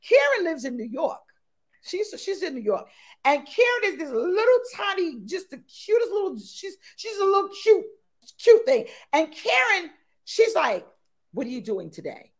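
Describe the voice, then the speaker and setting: A woman guest in an interview chat, talking exuberantly and repeating her phrases with excited bursts. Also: very high-pitched, normal speed. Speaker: podcast guest.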